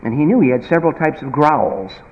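A man preaching a sermon in an emphatic, folksy manner, swinging from loud bursts to quiet asides. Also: a little high, lively intonation, a little fast, dull audio. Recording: reverberant hall.

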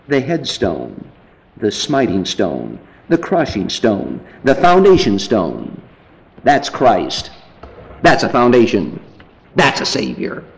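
A man's voice: gravelly, low-quality recording. A man preaching a sermon, citing scripture references and building to emphatic, fervent passages. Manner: emphatic, rising to fervent high-pitched preaching; lists scripture references as he teaches.

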